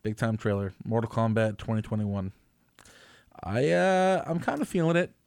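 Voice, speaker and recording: A man's voice: on the low side, big pitch swings, moderate pace, vocal fry, darkish tone, no room sound. A man co-hosting a podcast in casual chat, easygoing and agreeable. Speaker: podcast co-host.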